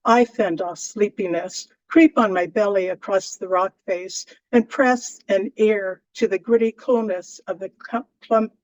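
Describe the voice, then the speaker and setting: A woman reading her poem aloud in a measured way, with deliberate pauses. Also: mid-range voice, darkish tone, no echo, low-quality recording. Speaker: poet. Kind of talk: poetry reading.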